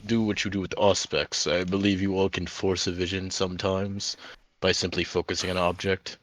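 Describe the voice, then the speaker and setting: A man's voice: low voice, little pitch movement, moderate pace, no room sound. A man playing a tabletop game, hesitant at times, pressing and formal in character. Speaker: player. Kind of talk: tabletop role-play, in character.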